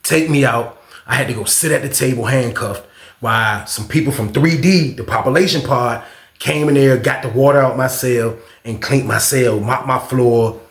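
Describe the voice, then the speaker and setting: Brief: male vlogger, gravelly, loose and profane storyteller, roomy echo. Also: mid-range voice, moderate pace. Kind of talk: casual storytime.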